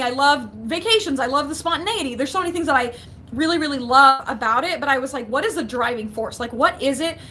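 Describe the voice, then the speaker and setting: A woman's voice: high-pitched, sharp tone, slight background noise. A young woman in casual livestream chat from her basement, chatty and giggly, reading out viewers' comments. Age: young adult. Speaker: vlogger.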